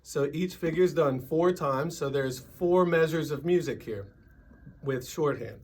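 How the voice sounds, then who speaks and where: Slow, patient man teaching drums. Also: fairly high pitch. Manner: patient, counts sixteenth notes out loud with accents. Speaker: drum teacher. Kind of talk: music lesson, counting rhythms aloud.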